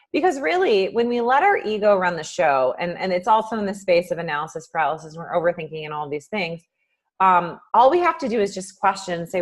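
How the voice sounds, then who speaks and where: Talking fast and expressively, this woman life coach delivers a relaxed, live-streamed motivational talk. She dramatizes inner voices with sweeping changes in pitch and loudness, peppering her speech with ums.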